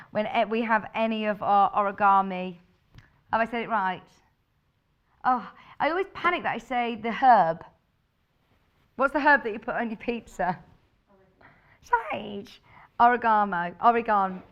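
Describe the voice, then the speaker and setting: A woman hosts a live sales segment from a TV studio, walking viewers through sewing kits. Her voice sits at an ordinary middle pitch. She sounds chatty and bubbly, and she thinks aloud as she goes. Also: a little slow, pauses often, clean tone, muffled recording. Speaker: shopping channel presenter.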